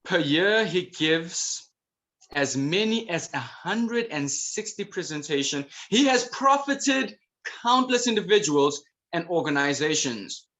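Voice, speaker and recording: A man's voice: on the high side, animated, takes it slowly, a bit bright. Upbeat man hosting an event. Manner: exclamatory, playful quizzing. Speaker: event host. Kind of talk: enthusiastic emcee patter.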